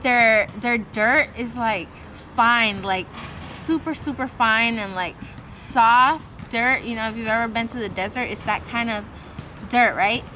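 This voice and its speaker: Bright-voiced woman telling a rambling story. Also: fairly high pitch, a little slow, a little hiss or hum, rough recording. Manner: rambling, with restarts and swearing; acts out quoted dialogue. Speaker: vlogger. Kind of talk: casual storytelling.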